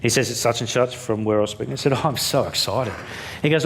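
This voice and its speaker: A man's voice: mid-range voice, fast talker, fairly bright tone. Blunt joking Australian man giving a keynote. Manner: jokey, blunt, story-driven. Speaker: keynote speaker. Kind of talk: storytelling keynote speech.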